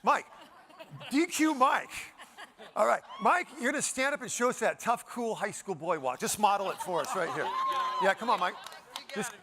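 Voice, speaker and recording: A man from Denver giving a high-energy keynote, playfully ordering the audience around with quick commands. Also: animated, background noise. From Denver, Colorado. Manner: upbeat, playful, bossing the crowd with quick commands. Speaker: keynote speaker. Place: conference hall stage.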